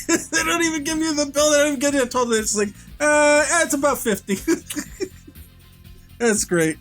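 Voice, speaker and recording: Lively laughing New man. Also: very high voice, a little slow, pauses often, faint music behind. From New York. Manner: animated storytelling with lots of laughter. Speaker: game developer streaming. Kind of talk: casual chat.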